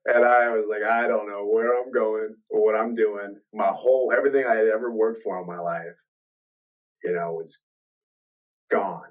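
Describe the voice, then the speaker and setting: A man with a fairly low, steady voice hosts a podcast, telling a personal story at a moderate pace in a loose, rambling way. He restarts often and acts out the voices of people he quotes. The mic is distant and the audio quality is poor.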